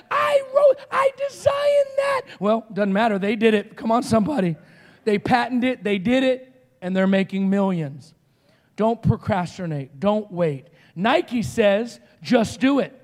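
A middle-aged man preaching as a guest speaker, telling stories with animated energy and shouted outbursts. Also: high voice, in a large hall. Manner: animated storytelling, shouting quoted screams. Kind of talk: sermon.

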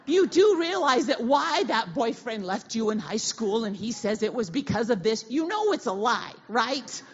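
A middle-aged woman pastor giving a conversational sermon, telling a personal story in a lively, casual way with slang and restarts. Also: fairly high pitch, normal speed, breathy edge. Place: church sanctuary. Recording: dull, lo-fi audio of a church talk.

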